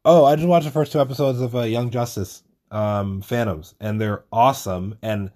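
With a medium-pitched, dark voice, a young man talks at a moderate pace and hardly pauses at all. He hosts a podcast solo, rambling loosely, cursing frequently and cracking jokes at his own expense.

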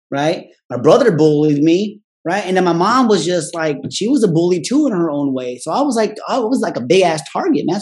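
A man's voice: on the high side, a little mellow. A man shares a candid personal story in loose, profane talk. He ends nearly every phrase with a questioning "right?" and briefly slips into his relatives' voices as he quotes them. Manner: profane and blunt; acts out family members in quick quoted voices.

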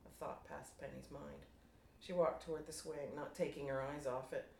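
A woman reading her own fiction aloud to a writers' group, measured and unhurried. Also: sits low, fairly even intonation, creaky, darkish tone. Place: room at a writers' group meeting. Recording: roomy room, distant mic, faint noise.

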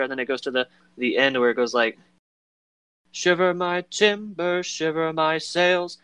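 Rambling man with a bright voice. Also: medium pitch, clear, resonant tone, no echo. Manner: rambling, filler-heavy, acts out quoted lines in voices. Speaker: podcast co-host. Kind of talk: casual chat about a film.

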